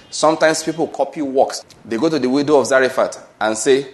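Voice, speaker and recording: This is a man delivering a sermon in a mid-range voice. He teaches with emphasis, repeats his key phrases and often checks whether his listeners understand. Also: medium pitch. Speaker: pastor.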